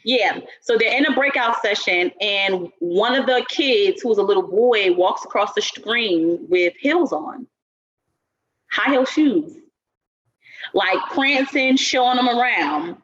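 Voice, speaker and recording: A woman co-hosting a podcast in casual chat, telling a story with lively acted-out quotes. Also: mid-range voice, takes it slowly, lo-fi sound. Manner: animated storyteller who acts out quotes. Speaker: podcast co-host.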